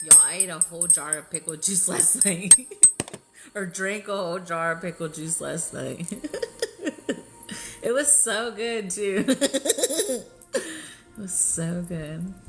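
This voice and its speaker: A woman hosting a live spiritual healing session, chanting in light language and then talking softly and emotionally, often laughing. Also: on the low side, over music. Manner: soft, unhurried and tearfully emotional, often laughing.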